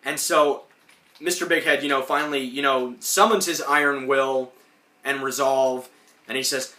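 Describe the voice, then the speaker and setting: Bright, rambling podcast host. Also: male voice, medium pitch, steady tone, moderate pace. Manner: rambling, enthusiastic, many fillers. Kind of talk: casual recap commentary. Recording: roomy echo.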